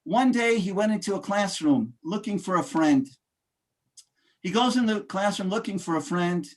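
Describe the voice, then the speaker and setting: Male motivational speaker with a high voice, emphatic, rally-style delivery with frequent pauses and fillers. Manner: emphatic, addresses audience as ladies and gentlemen, fillers. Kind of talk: motivational speech.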